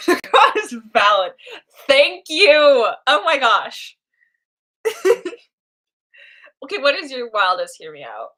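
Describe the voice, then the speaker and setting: A woman's voice: sits high, wildly swooping pitch, slow pace, long pauses, a bit bright. Playful young woman streaming her drawing. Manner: playful, talks to herself while drawing. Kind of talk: casual live drawing stream chat.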